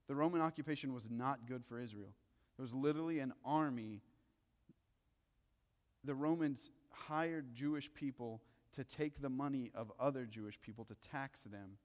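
A male pastor preaching a sermon in a casual, joking way, swinging between loud excitement and hushed asides. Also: medium pitch. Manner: conversational, joking. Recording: long reverb of a large hall.

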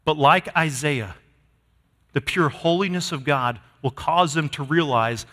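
High, bright-voiced preaching man. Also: a little slow. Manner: emphatic preaching, swinging from loud to hushed. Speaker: pastor. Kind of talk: sermon. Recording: long hall reverb.

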